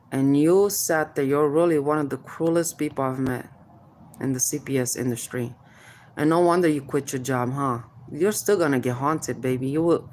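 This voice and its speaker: With a low, somewhat mellow voice and a little hiss or hum, a mother speaks straight to camera about child services, challenging officials head-on. She keeps prodding "hmm?", calls people "baby" and warns of spiritual payback.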